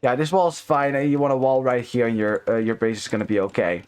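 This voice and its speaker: A man's voice: medium pitch, steady tone, quick pace, a little mellow, clear, resonant tone. A man casting a strategy game live, chatty with many fillers, greeting chat viewers between plays. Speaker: esports caster.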